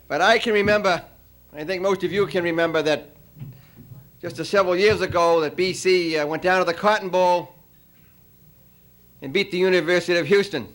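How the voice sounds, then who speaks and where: A man's voice: high-pitched, fairly bright tone. Man telling jokes at a farewell dinner. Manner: storytelling, halting with many uh fillers. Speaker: honoree giving farewell speech. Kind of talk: after-dinner speech with a joke.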